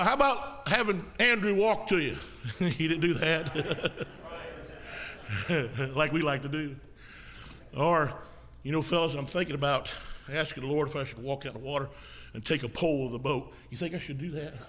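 A man preaching as an evangelist in a folksy style, now and then rising to a shout and coughing. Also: fairly high pitch, moderate pace, pauses often, a little hiss or hum. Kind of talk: sermon.

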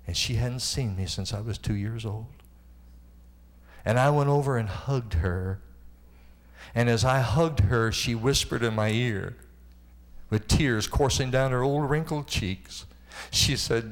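A middle-aged man preaching a sermon, telling his own story and rising to impassioned, high-pitched delivery. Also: unhurried. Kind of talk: sermon testimony.

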